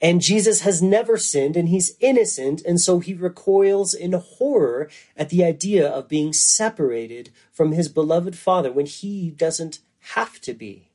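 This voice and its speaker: A man preaching a sermon in an earnest, emphatic way, slowing down to stress key phrases. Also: high-pitched, lively intonation, dark tone.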